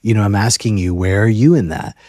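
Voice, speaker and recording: A man hosting a counseling conversation, speaking gently and reflectively and thinking aloud by rephrasing his points. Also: on the low side, fairly quick, no echo. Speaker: host, therapist.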